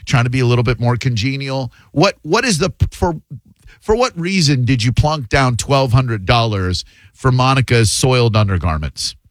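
A man's voice: medium pitch, animated, normal speed, dry recording. A man hosting a radio talk show from the studio, bantering with callers in a teasing, mock-formal way. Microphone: studio microphone.

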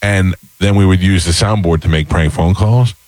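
Very deep-voiced male radio host. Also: moderate pace, dry recording. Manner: storytelling, animated. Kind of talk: casual morning show banter.

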